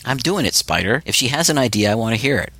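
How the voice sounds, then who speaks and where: A man's voice: mid-range voice, expressive, quick pace, bright, forceful tone, husky, no room sound, voice pushed up, exaggerated voice. A man voicing a leering, creepy male kidnapper who taunts and sneers.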